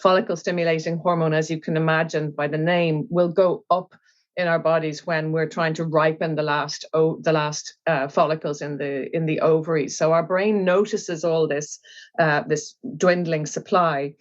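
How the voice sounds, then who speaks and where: An Irish woman giving a lively explanation as a guest in an interview and acting out small voices along the way. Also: low voice, normal speed, dull audio. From Ireland. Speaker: guest, yoga teacher.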